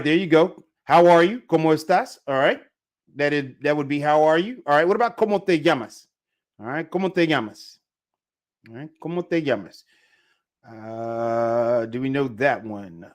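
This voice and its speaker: A man teaching a live online language lesson, upbeat and talking straight to viewers in the chat, often saying "all right". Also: on the high side. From Jamaica. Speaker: Spanish teacher.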